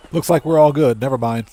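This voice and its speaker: A man's voice: mid-range voice, warm tone. A man casually commenting on a live stream as he plays a video game, laughing often and greeting his viewers.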